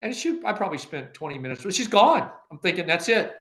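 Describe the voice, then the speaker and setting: A man's voice: high-pitched, quick pace. An older man, a former agency director, telling anecdotes in an interview and acting out the dialogue he quotes, with frequent laughter. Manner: animated storyteller who acts out quoted dialogue, laughing often.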